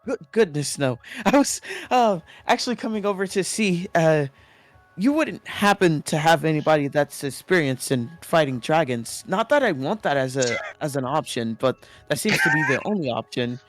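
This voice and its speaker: A man's voice: on the high side, expressive, normal speed, dry recording, soft background music. A man voicing his character in a tabletop game, polite and hesitant. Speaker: player.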